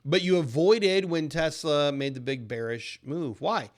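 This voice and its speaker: A man hosting a trading channel, giving an upbeat, persuasive recorded lesson that shifts into a sales pitch. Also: a little slow. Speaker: trading educator and channel host. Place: lives in a southern US city.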